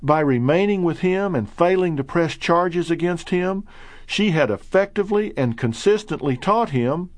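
Male narrator, middle-aged, earnest and measured, bone-dry booth sound. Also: high-pitched, expressive, no room sound. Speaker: narrator reading his own book. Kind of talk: audiobook narration.

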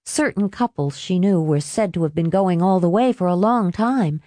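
A woman narrating a novel as an audiobook in a measured, even storytelling manner. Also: lowish voice, dry recording. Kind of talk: scripted narration.

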